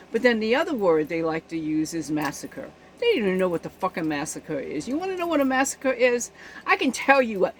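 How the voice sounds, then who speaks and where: A woman's voice: lowish voice, slight background noise, poor audio. A woman giving casual spoken commentary on a news event, indignant and emphatic, often checking in with her listeners.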